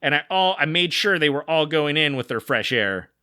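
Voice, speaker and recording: A man in his thirties co-hosts a podcast, spinning a long anecdote in loose, rambling talk packed with fillers. His voice is bright and forward, recorded dry and close with no room sound. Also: a little high, expressive, normal speed, clear, resonant tone, no echo. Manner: rambling, many "like" fillers, acts out quoted voices. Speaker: podcast co-host. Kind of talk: casual storytelling.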